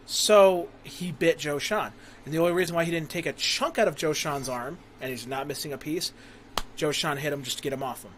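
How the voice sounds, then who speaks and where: A man's voice: a little high, a little fast, a bit bright, a little hiss or hum. A man hosting a casual podcast, telling a crude, rambling, profanity-heavy story. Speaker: podcast host.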